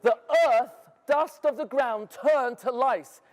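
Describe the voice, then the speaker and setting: A man's voice: extremely high pitch, slow pace. A man telling a dramatic first-person story to students, theatrical and asking his audience questions. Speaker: educator. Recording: echoey hall.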